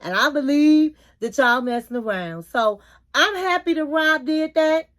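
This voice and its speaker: High-voiced, sassy woman recapping TV. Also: expressive, a little slow, fairly bright tone. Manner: blunt, opinionated, sassy; informal, colloquial phrasing. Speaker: YouTube reality TV commentator. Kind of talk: casual episode recap and opinion.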